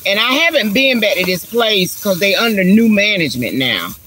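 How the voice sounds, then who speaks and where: A woman's medium-pitched, sharp voice has a sing-song quality and moderate pace as she live streams casually from inside her car using a handheld phone. Folksy and talkative, she calls viewers girl and honey, with slight background noise.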